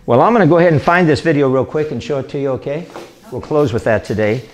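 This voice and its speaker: An older man, an evangelist, talking through an informal, rambling sermon with excitable enthusiasm. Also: medium pitch, quick pace. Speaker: evangelist hosting a ministry show. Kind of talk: informal sermon talk to camera.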